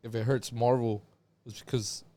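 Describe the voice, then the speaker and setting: Young man asking quick questions. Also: medium pitch, level tone, mellow. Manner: brief questions and quick remarks. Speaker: podcast co-host. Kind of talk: casual chat.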